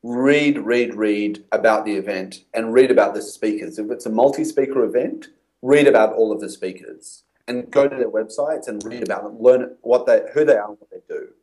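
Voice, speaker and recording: On a rough recording, a man speaks at a moderate pace in a somewhat low, slightly mellow voice. He's a copywriter appearing as an interview guest, telling stories and acting out dialogue from his past.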